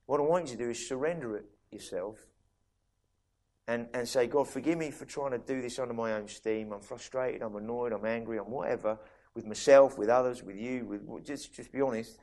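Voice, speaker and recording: A man voicing God as a patient, calm male deity, gentle and unhurried in a sermon. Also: mid-range voice, voice pushed down, natural voice.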